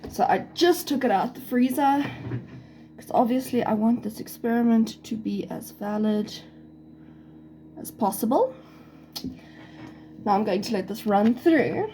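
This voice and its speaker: A woman's voice: on the high side, lively intonation, unhurried, pauses often, dark tone, slight background noise, rough recording. A young woman with a South African accent, chatting and thinking aloud with little laughs as she narrates a science experiment at home. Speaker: student doing a science experiment. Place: home kitchen. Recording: kitchen clatter of dishes and cutlery audible.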